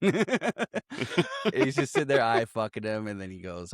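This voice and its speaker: Dude recapping a movie on a podcast, lots of laughs, voices jumping all over, dry mic. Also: male voice, medium pitch, wildly swooping pitch, dry recording. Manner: laughing often, acting out lines in quick voices. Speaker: podcast co-host. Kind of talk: casual movie recap chat.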